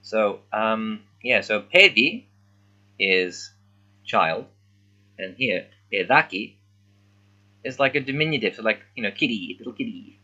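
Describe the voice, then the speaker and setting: A man reading a children's book aloud as a language learner, thinking aloud in a halting, puzzled way and stopping often to work out words. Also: on the low side, expressive, sharp tone, dull audio. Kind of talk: casual thinking-aloud readalong.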